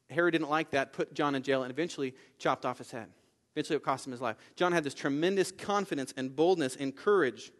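A man delivers a sermon in a relaxed, conversational style, his voice sitting a little on the high side. He asks his listeners "right?" and "okay?" as he goes, and he acts out the quoted lines with energy. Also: fast. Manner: conversational preaching with frequent tag questions, acts out quoted lines. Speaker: pastor.

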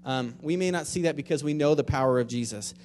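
A man preaching a sermon in a conversational way, moving between quiet, reflective stretches and louder, emphatic ones. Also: a little high, fast, long reverb tail, soft background music. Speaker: pastor.

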